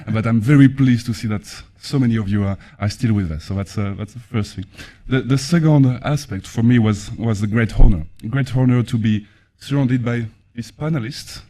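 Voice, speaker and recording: A man with a French accent chairing a conference panel, speaking haltingly with many fillers and restarts. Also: fairly low pitch, mellow. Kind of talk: formal conference speech.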